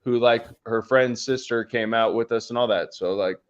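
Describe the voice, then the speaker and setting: A man's voice: mid-range voice, normal speed, smooth, dull audio. A man casually telling a long story on a podcast, rambling and swearing with lots of fillers. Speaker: podcast co-host.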